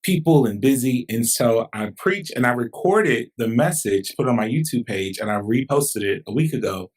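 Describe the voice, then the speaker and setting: A man's voice: mid-range voice, lively intonation, normal speed, breathy edge. A man, a pastor hosting a podcast, talking in a reflective, conversational way. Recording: distant mic, roomy.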